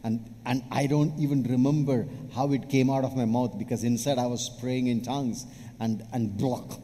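A man's voice: medium pitch, steady tone, normal speed, dark tone. A man preaching, telling a story from his own life in a plain storytelling way. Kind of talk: testimony in a sermon. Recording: hall reverb, faint background noise.

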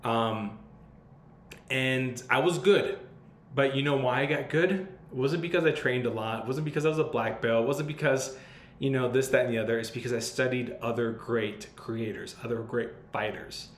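A man's voice: mid-range voice, normal speed. A man hosting a podcast, giving casual advice in a blunt, loose way and swearing freely. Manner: blunt and profane, loose and conversational. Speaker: podcast host. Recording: roomy sound with faint background noise.

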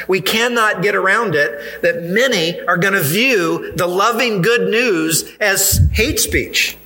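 Male pastor, fairly high bright voice, emphatic sermon delivery, addresses congregation directly. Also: rough recording. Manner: earnest, emphatic preaching with pointed repetition. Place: church.

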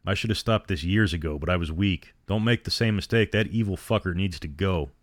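A doomed gangster speaks with solemn, resigned calm, as a man reads him. His voice sits very low, and the recording is dry and close. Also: fairly quick, no room sound, natural voice. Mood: intense. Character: condemned middle-aged male gangster, resigned and solemn.

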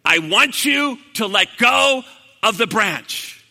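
A man voicing God as a booming, commanding voice calling down from above. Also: sing-song, moderate pace, bright, forceful tone, big-room sound, full character voice.

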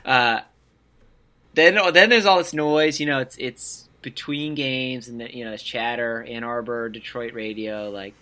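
A man's voice: medium pitch, measured pace. A man co-hosting a podcast, chatting casually about college football and mimicking players as he talks. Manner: animated, mimics players with voices. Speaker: podcast co-host. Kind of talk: casual sports chat.

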